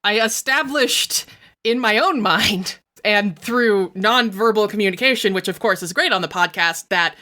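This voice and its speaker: A woman playing a tabletop role-playing game, describing her character's actions in a playful, quick-witted way. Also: medium pitch, sharp tone. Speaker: player.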